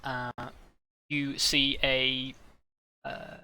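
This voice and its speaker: Very bright-voiced male game master. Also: medium pitch, completely flat delivery, clean tone. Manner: halting, many fillers and restarts. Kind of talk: narrating a tabletop game.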